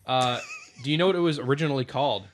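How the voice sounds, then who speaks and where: A man's voice: medium pitch, very fast. A man co-hosting a casual podcast chat, reading out trivia with small stumbles. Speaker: podcast co-host.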